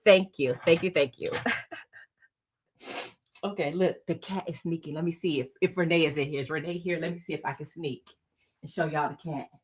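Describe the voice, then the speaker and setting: A woman's voice: low-pitched, normal speed, pauses often, slightly rough. A woman hosting a casual crafting livestream, bubbly and chatty, laughing often and talking straight to her viewers. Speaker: crafting channel host.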